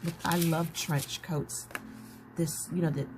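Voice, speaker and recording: Speaking slowly in a low voice with little pitch movement, a woman vlogs about journaling, leafing through her journal while casually chatting. She's friendly and warm, calling her viewers "y'all," over noticeable background noise.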